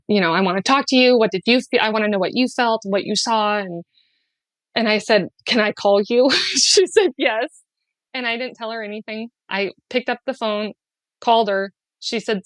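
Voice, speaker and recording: Middle-aged woman on a podcast telling a heartfelt story, goes up high on quotes, dry close sound. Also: no echo. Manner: animated, quoting with raised pitch and laughing. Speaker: podcast guest. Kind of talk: emotional personal storytelling.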